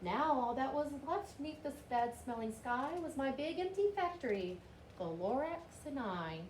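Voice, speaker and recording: A woman reading a rhyming storybook aloud with a rhythmic, expressive delivery. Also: high-pitched, measured pace. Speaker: reader. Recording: roomy with faint hiss.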